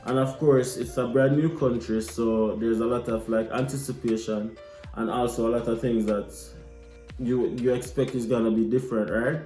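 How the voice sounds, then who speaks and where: A young Jamaican man telling a lively, casual story, slipping into patois. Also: medium pitch, normal speed. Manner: animated, mixes patois into his telling. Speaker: vlogger. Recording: echoey room with light music.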